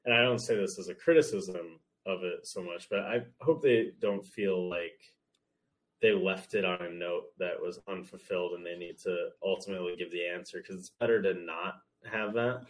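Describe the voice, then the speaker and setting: A man appearing as a podcast guest, talking in a thoughtful, measured way with a few restarts. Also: sits low. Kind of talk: casual chat.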